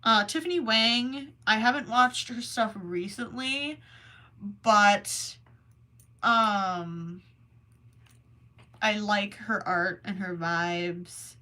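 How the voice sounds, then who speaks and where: A young woman hosting a crochet livestream, chatting casually and reading messages from the chat in a rambling, self-deprecating way. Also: mid-range voice. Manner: slow, rambling and self-deprecating, with soft asides.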